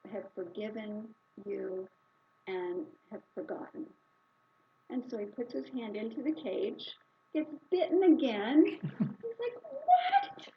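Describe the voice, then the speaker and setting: Woman speaker, casual sermon storytelling; higher pitch, muffled sound. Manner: animated, conversational storytelling with fillers. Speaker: speaker at a spiritual service. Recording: slightly dull recording with faint hiss.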